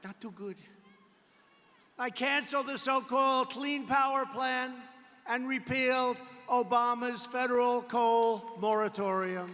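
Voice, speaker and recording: A man's voice: extremely high pitch, steady tone, measured pace, pushed and bright, a little hiss or hum. A man giving a political rally speech in a large arena, emphatic, repetitive and digressive. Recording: reverberant arena hall.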